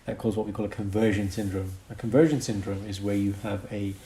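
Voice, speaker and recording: A man's voice: lowish voice, steady tone, quick pace, warm tone. A man co-hosting a casual podcast, explaining medical conditions and chuckling between points.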